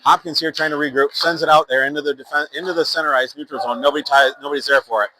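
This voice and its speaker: A man calls youth hockey play-by-play very fast in a bright, pushed, fairly high voice with a steady tone. His amateur commentary is casual and rambling, full of fillers and self-corrections, and he reads sponsor plugs between plays. The recording is rough, with a little hiss or hum.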